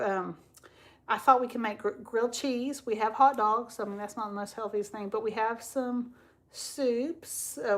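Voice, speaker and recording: A woman chatting casually and at length to viewers as the host of her crafting livestream, laughing often. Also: medium pitch.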